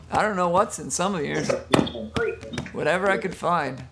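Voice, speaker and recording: Brief: teasing jiu-jitsu instructor, high male voice, noisy video call line. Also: a little slow, creaky. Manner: joking, teasing coach giving technique corrections. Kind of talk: online class instruction.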